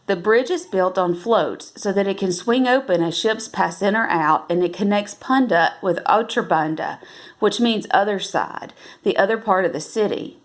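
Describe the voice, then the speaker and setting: A woman reading a novel aloud at an unhurried pace, now and then correcting herself and lifting her voice for the characters' lines. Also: mid-range voice. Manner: unhurried, with self-corrections and restarts. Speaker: reader.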